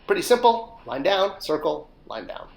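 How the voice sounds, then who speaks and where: Brief: young man, slightly high voice, jokey host of a step-by-step drawing lesson. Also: very animated, moderate pace, creaky. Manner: playful, self-mocking asides while sketching step by step. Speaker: drawing teacher.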